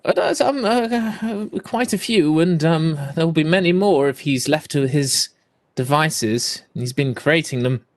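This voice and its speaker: A man's voice: on the high side, a little slow. A man narrating a tabletop game as game master, hesitant with many fillers.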